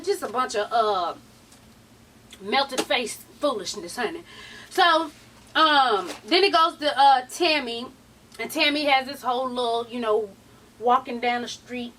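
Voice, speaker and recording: A woman's voice: on the high side, sharp tone, far from the mic, a little hiss or hum. A tired woman vlogger giving a casual, sassy, profane recap of a reality show and quizzing her viewers directly. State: tired, late at night. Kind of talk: casual gossipy recap commentary.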